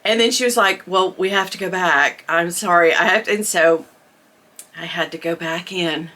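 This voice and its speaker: Chatty middle-aged lady telling a story, bright tone, laughs a lot. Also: lowish voice, normal speed. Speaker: vlogger. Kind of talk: storytime chat.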